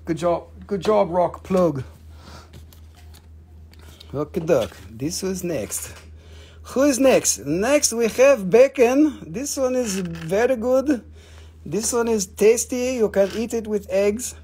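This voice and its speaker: A man hosting a live rock sale, joking, excitable and swearing freely as he runs quick auctions. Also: high voice, husky. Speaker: livestream rock seller. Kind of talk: live auction sales chat.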